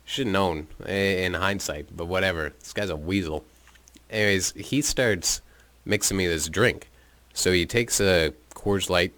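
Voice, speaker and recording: A man's voice: low voice, a bit bright. A man telling a personal story in a rambling, profane, casual way into his own microphone, with chuckles and filler words. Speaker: podcast storyteller.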